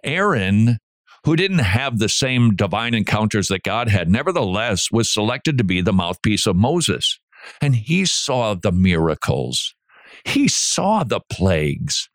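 A middle-aged man hosting a Christian radio talk show, preaching in an animated way with asides and restarts. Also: fairly low pitch, unhurried, no room sound, clean studio sound. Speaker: radio host.

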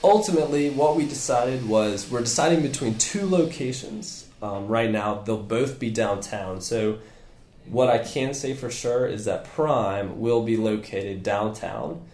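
A man who owns a physical therapy clinic, talking as a guest in a casual podcast interview, energetic and rambling with many fillers and restarts. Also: medium pitch, measured pace, roomy sound, slight background noise.

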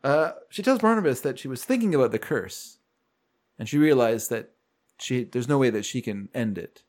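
On a podcast, a male co-host with a mid-range voice recaps a show at a moderate pace, chatting casually. He tells the story in a lively way, acting out the characters' lines as he goes.

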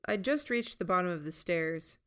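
A woman narrating a first-person audiobook in an unhurried, steady storytelling manner. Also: lowish voice.

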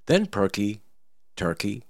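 A man's voice: lowish voice, big pitch swings, slow, vocal fry, no echo, clean studio sound. A man giving satirical political commentary, telling a mocking fairy tale in a theatrical, sing-song way.

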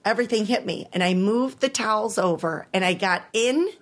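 A woman's voice: mid-range voice, normal speed. A woman in her thirties, an interview guest, telling a personal story candidly and with emotion, laughing at times.

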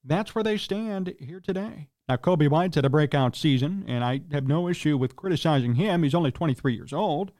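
Sports radio host, male, high-pitched, opinionated and exasperated, dry close sound. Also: expressive, fairly quick, hardly any pauses, darkish tone, no echo. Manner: opinionated, exasperated rants with rhetorical questions. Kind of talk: solo sports talk commentary.

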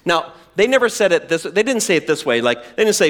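A man preaching a sermon as pastor, animated and playful, sometimes acting out whiny voices. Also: sits high, a little fast, hardly any pauses.

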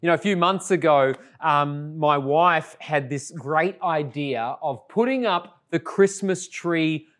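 A middle-aged man with an Australian accent, preaching in a relaxed storytelling way. His voice sits a little high, and he moves between lively bursts and soft, hushed tenderness. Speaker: pastor. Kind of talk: storytelling sermon opening.

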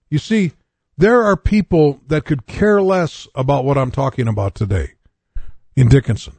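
A man's voice: medium pitch, moderate pace, darkish tone, dry recording. An older man from North Dakota preaching a radio sermon, telling his own testimony and reading scripture in an earnest way.

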